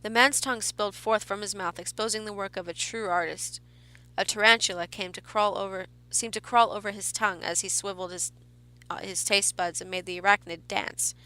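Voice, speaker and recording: A woman narrating a horror story in a measured reading with small restarts. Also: mid-range voice, steady tone, pushed and bright.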